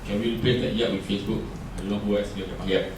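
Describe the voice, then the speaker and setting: A man with a low-leaning, steady voice and a Singaporean English accent speaks quickly during a chatty workshop, frequently asking the audience questions. The background is noisy, and the distant mic adds a roomy echo.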